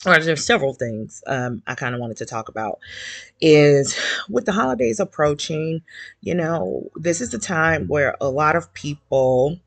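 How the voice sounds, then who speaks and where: A man's voice: a little high, expressive, a little slow, creaky, fairly bright tone, no room sound. A man hosting a casual livestream from his couch at home. He sounds nervous, his voice is shaky and he fills his talk with many ums. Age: older adult. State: shaky voice from nerves. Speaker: host of a fan support livestream.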